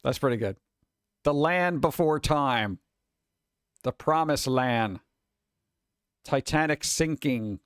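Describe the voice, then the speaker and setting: A man chatting casually on a stream, reading headlines and memes aloud and answering them with sarcastic, animated asides. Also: medium pitch, slow pace, long pauses, clear, resonant tone, no echo, studio quality. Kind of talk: casual live-stream chat.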